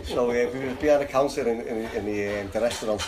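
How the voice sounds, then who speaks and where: A man's voice: medium pitch, fast, noisy background. A man with a Liverpool accent telling a long rambling story, laughing and restarting as he goes. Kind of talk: casual anecdote. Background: crowd chatter.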